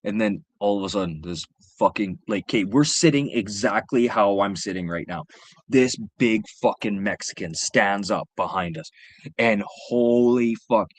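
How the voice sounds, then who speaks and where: A man with a fairly low voice tells a long, foul-mouthed anecdote on his livestream. He rambles and swears freely, and his delivery is loose and animated. The sound is dry and close, with no room echo. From Canada. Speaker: livestream host. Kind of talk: casual storytelling. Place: home livestream setup.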